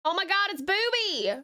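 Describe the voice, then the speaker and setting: A woman with an Australian accent, chatting casually on a live art stream, laughing often and muttering softly as she draws. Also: very high voice. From Tasmania, Australia. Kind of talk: casual live-stream chat while drawing.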